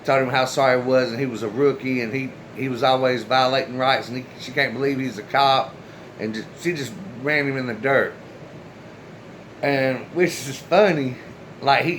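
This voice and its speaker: A man's voice: mid-range voice, fairly bright tone, a little hiss or hum, low-quality recording. A man casually telling a personal story straight to his viewers, loose and chatty, with the odd swear word. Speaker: storyteller, channel host.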